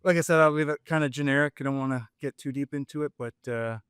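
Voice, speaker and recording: A man's voice: fairly high pitch, fast, fairly bright tone, smooth, no room sound, studio quality. A man talking as a guest on a podcast, hesitant with many fillers and holding back frustration. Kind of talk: casual podcast chat.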